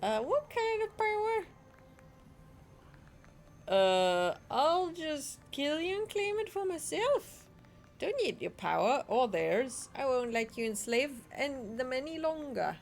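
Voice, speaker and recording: Playful woman streamer, lively high voice. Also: takes it slowly, slight background noise. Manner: playful, exclaiming, reading dialogue choices aloud. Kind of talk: casual gaming chat.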